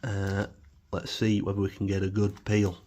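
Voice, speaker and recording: A man's voice: on the low side, completely flat delivery, normal speed, mellow, slight background noise. A man casually reviewing supermarket food in his home kitchen, rambling with many fillers and wry asides.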